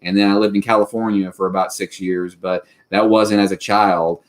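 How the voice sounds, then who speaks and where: A man's voice: on the low side, little pitch movement, normal speed. A Kentucky man in his thirties with a Southern accent, hosting a casual livestream chat and rambling with many fillers. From Western Kentucky. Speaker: livestream host.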